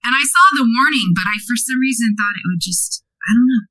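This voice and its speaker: Bright-voiced chatty woman from Oregon. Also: fairly high pitch, poor audio. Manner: chatty, animated, with quick asides and apologies. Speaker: guest. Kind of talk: casual storytelling.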